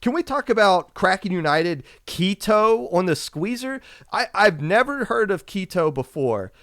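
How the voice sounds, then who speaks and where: A man hosting a podcast, delivering an emphatic, impassioned rant and repeating his points, his voice going hoarse. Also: high-pitched, big pitch swings, unhurried, fairly bright tone, no room sound, studio quality. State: losing his voice. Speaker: podcast host. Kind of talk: opinionated esports podcast rant.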